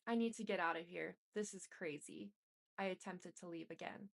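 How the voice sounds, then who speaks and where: A woman reading a memoir aloud in an even, unhurried way, with small restarts. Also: fairly low pitch, vocal fry. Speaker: reader.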